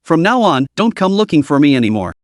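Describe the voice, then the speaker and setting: A man's voice: on the high side, sing-song, fast, no room sound, clean studio sound. A man voicing a young man who is a blunt, bitter street vendor, reading him in a storybook recap. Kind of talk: storybook narration.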